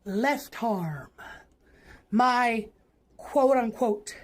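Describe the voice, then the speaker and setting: A brash, foul-mouthed streamer persona that a man puts on talks in a high, squeaky voice. It swings up and down in pitch and takes its time with the words as it teases the chat. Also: lively intonation, extremely slow, heavily acted. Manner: brash, swearing, teasing the chat. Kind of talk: live workout stream chat.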